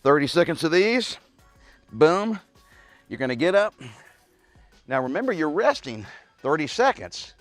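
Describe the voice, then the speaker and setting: A man leads a home workout, talking directly to his viewers with a bouncing, animated delivery. The sound is close and dry, with soft music playing underneath. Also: fairly high pitch, a little slow, pauses often, no echo. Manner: energetic, talks straight to viewers as "guys". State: out of breath at times. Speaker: fitness coach.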